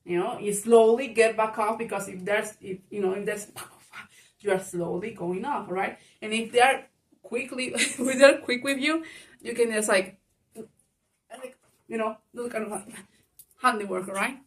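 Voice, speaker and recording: Chatty, frank woman, slightly high voice. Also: measured pace, recorded from a distance. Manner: frank and chatty, laughs often, swears, calls the listener baby. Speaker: advice vlogger. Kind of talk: casual spoken advice to viewers.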